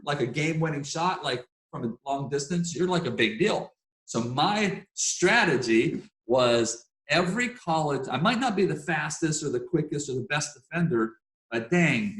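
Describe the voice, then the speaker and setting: Animated man telling a story, echoey room. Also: fairly high pitch. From Pennsylvania, United States. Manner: animated, emphatic storytelling with fillers. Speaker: guest speaker. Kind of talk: storytelling interview.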